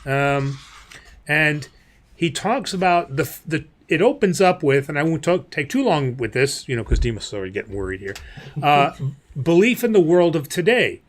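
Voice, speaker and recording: A man's voice: on the high side, very animated, normal speed. A man, a priest hosting a livestream, teaching in a chatty way with many fillers and easy laughs.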